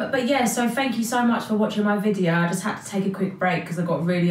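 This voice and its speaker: A woman's voice: mid-range voice, fast, far from the mic, a little hiss or hum. A young woman talking to camera in a personal vlog, chatty and emotional, with lots of "like". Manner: chatty, emotional, says "like" a lot. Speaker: vlogger. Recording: echoey room, mic set back.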